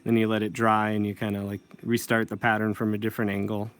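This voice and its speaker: A man's voice: fairly low pitch, monotone, quick pace, a bit bright, clean tone. A man teaching comic inking in a casual tutorial, thinking aloud and correcting himself as he works. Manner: thinking aloud while working, self-correcting. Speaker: comic book inker.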